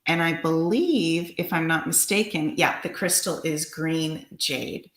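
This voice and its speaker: Low-voiced woman in an echoey room. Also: measured pace, fairly bright tone. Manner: upbeat, gushing promotional talk. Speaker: livestream co-host. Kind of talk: livestream chat.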